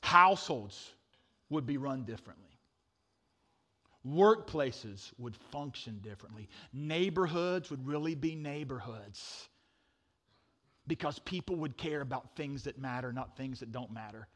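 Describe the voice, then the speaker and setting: A middle-aged man preaching a sermon, telling a funny story with animated swings from loud to hushed. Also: mid-range voice, a little slow. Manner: animated storytelling, sudden drops to a hush. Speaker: pastor.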